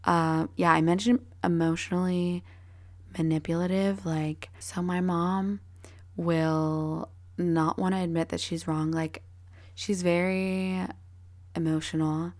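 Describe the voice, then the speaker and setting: A woman's voice: lowish voice, flat delivery, slow pace. A young woman hosting her own podcast, talking casually and bluntly with lots of swearing and fillers. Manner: blunt, profane, rambling with many fillers. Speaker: podcast host. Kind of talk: casual solo podcast talk.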